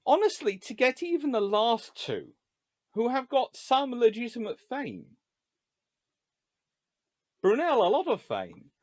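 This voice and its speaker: A man giving a live-streamed history lecture. He talks in an animated, joking way and often wanders into digressions. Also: very high voice, takes it slowly, pauses often, no room sound. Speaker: history lecturer and channel host.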